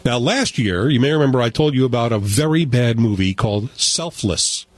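A man reviewing a movie on a talk show with animated sarcasm. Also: medium pitch, moderate pace, no echo. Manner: animated, sarcastic, jumps into voices. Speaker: film critic. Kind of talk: casual radio chat.

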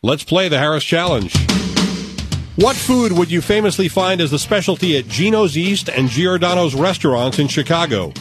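A middle-aged man runs a radio quiz from the studio, moving briskly through the questions with a joking edge. His voice sits a little high, and faint music plays beneath him. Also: lively intonation. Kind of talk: radio quiz show hosting.

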